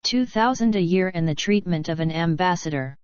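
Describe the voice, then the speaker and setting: Lady reading a polite old-world hotel owner guy, smooth, dry and muffled. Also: fairly low pitch, lively intonation, brisk, darkish tone, no echo, close to an everyday voice. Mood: courteous. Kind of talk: audiobook narration.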